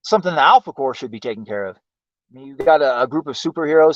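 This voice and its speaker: A man's voice: medium pitch, animated, quick pace, dry recording. Profane ranting man on a lo-fi stream. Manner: profane, exasperated, repeatedly asking why. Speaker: livestream host. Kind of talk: ranting commentary. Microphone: home streaming mic. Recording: dull lo-fi stream audio.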